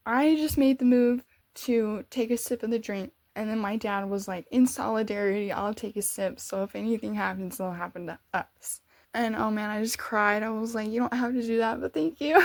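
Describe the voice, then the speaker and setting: Animated young woman telling a story. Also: a little high, dry recording. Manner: animated, emotional, laughing often. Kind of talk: storytime monologue.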